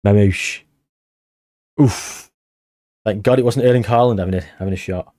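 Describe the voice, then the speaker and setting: A man giving excited, swearing commentary on a football management game he is playing. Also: fairly low pitch, normal speed. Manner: animated, swearing, shouting at the match. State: out of breath. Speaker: gaming streamer.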